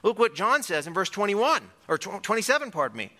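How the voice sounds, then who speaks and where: Male pastor, earnest sermon delivery, slightly high and bright. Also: big pitch swings, a little fast, hardly any pauses. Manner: earnest, emphatic, reads scripture aloud. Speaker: preacher.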